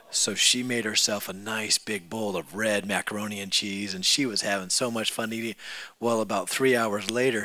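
A man preaching a sermon in a church, telling a story with lively acted-out voices that rise to loud peaks. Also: mid-range voice, no room sound.

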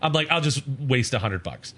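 Animated storytelling man, bright voice. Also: medium pitch, normal speed, husky. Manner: animated, acts out quotes in voices. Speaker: podcast co-host. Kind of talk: casual storytelling chat.

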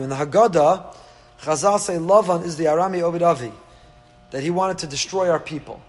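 A man's voice: a little high, fairly quick. A man teaching a Torah class, asking rhetorical questions and dropping dry asides. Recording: echoey hall with faint hum.

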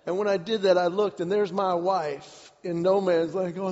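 A man preaching a sermon, telling a personal story in an animated way, repeating words and shouting at the climaxes. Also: high-pitched, normal speed, few pauses, slight background noise. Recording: dull recording with long hall reverb.

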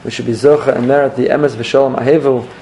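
A man, a rabbi, giving an earnest sermon and telling a story with slow, emphatic phrasing. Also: mid-range voice, steady tone, background noise.

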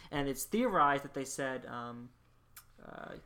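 Woman co-host, low voice, halting with fillers, blunt. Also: lively intonation, bright, forceful tone. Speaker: podcast co-host. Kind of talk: casual chat.

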